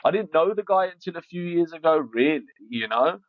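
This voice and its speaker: A man's voice: fairly high pitch, expressive, brisk, no room sound. Guest, male, frank and unpolished, stumbles and restarts a lot; dry, slightly dull lo-fi recording. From Iran. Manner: frank, repeats words, many restarts. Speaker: podcast guest. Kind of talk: casual interview chat.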